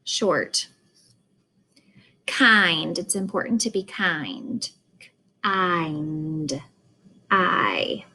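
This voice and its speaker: A woman teaching a phonics lesson at a very unhurried pace, stretching out each vowel sound. She speaks in a calm, mid-range voice and explains each step. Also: fairly low pitch, low-quality recording. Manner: slow, deliberate, sounds out vowels.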